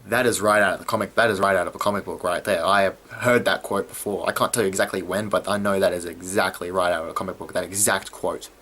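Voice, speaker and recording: A man giving a casual video review of a TV episode, excitable and often stumbling over his words. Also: sits low, fast talker, few pauses. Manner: excitable, stumbling and restarting mid-sentence.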